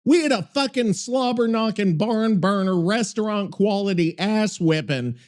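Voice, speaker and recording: High-pitched, exasperated swearing podcast host. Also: male voice, animated, a little slow, a little mellow. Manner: exasperated, profane, rambling, breaks into yelps. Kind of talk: casual chat.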